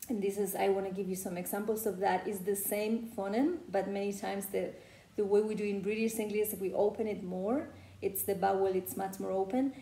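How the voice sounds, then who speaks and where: A woman's voice: medium pitch, creaky, warm tone, slight background noise. A woman from Spain with a Spanish accent, coaching English pronunciation in a loose, chatty way full of "you know". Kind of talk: casual teaching talk. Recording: echoey room.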